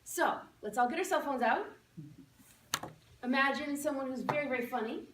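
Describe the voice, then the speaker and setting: Bright, animated woman in an echoey room. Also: sits high, normal speed, far from the mic, noisy background. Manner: playful, animated teaching. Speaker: laughter yoga presenter. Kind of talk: live demonstration speech to an audience. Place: room with a live audience.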